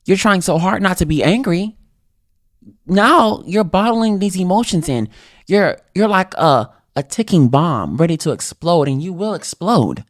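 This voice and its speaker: A man's voice: high-pitched, sing-song, a little slow, no echo, studio quality. Earnest man giving a solo motivational talk. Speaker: podcast host.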